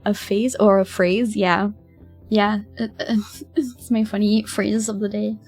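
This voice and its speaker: A woman's voice: mid-range voice, fairly even intonation, a little slow, a little mellow, soft background music. A young woman streaming and chatting casually, rambling, laughing often and swearing with dramatic outbursts. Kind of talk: casual livestream chat.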